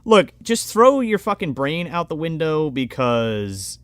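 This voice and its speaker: A man's voice: fairly high pitch, very animated, unhurried, no room sound. A man co-hosting a movie review podcast, retelling the plot in a casual, heavily swearing way. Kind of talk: casual, profane movie recap.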